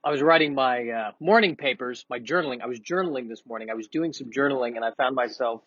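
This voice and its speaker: Sniffly male comic rambling, self-mocking, mid pitch, dry slightly muffled sound. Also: fairly bright tone, husky, no room sound. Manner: self-deprecating, rambling with many restarts. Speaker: comedian vlogger. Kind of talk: casual rambling monologue.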